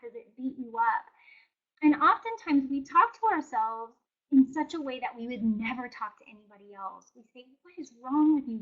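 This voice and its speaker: A woman's voice: high-pitched, narrow, tinny audio. A woman presenting a wellness webinar, speaking conversationally and encouragingly with frequent fillers. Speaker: wellness educator.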